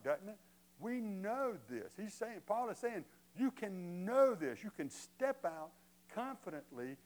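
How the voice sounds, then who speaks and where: A man's voice: high-pitched, rough recording. A man preaching a sermon as pastor, conversational and emphatic, asking the congregation rhetorical questions.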